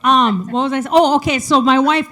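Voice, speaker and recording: A woman performs a stand-up set in a chatty, self-deprecating way, full of fillers and quick restarts. Her voice sits a little higher than most women's. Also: sharp tone. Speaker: stand-up comedian. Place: studio, audience not audible.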